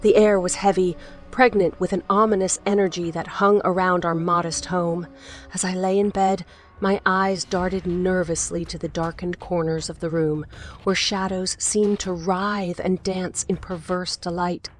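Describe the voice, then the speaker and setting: A woman voicing a frightened, grieving widow in an audiobook, speaking in a trembling, hushed voice. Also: fairly low pitch, level tone, measured pace, lightly acted. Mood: fearful. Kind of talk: audiobook character voice.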